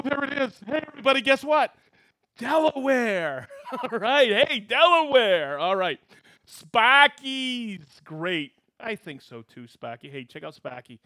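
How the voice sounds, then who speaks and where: A man's voice: sits high, fairly bright tone. A man hosting a live stream, cheerfully greeting viewers by name and hometown. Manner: upbeat, reads out viewer names and hometowns with quick greetings and laughs.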